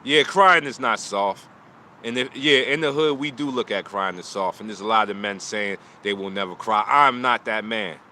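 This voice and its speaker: Speaking at a moderate pace, a martial arts teacher with a fairly low pitch and a bright, forceful tone streams live from his phone outdoors. He preaches in short lines about loss and motivation, an emotional talk with a little hiss or hum audible.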